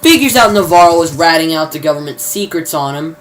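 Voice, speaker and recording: A man's voice: fairly high pitch, animated, brisk, a bit bright, slight background noise. A man giving a casual, rambling plot recap, full of fillers and mild cursing. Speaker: video reviewer.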